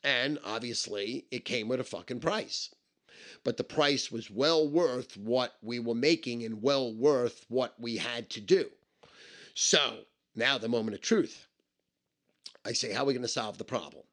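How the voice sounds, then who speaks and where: A man's voice: medium pitch, takes it slowly, fairly bright tone. A man telling a personal story in a blunt, emphatic and heavily profane way. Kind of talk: casual spoken anecdote.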